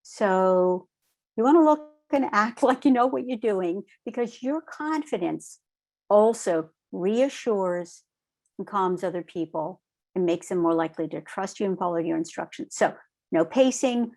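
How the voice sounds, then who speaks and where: A woman trainer speaks slowly and deliberately, giving a lesson in a calm, steady manner. She is middle-aged and often pauses to check in with her listeners. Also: medium pitch. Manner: calm, measured, repeats "right?" to check in. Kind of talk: recorded online training lecture.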